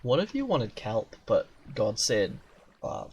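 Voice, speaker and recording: A man's voice: medium pitch, big pitch swings, a little slow, slight background noise. A young man streaming a game live, rambling and joking in casual chatter, often restarting mid-sentence. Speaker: gaming streamer.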